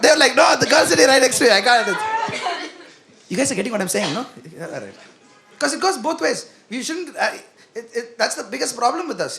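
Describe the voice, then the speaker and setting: A young man performing a self-deprecating stand-up comedy set on a comedy club stage, animated and acting out quoted voices, into a handheld stage mic. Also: very high voice, creaky.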